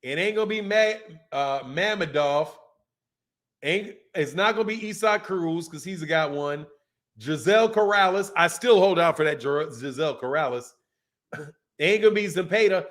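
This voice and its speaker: Reading super chats during his boxing livestream, the host talks at a normal speed in a high, fairly bright voice. His commentary is casual, full of laughter and imitations of other people.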